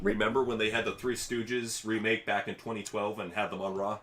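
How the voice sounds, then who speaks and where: Bright, excitable man calling wrestling. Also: on the low side, a little fast. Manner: profane, excitable play-by-play. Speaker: co-host. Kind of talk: live reaction commentary.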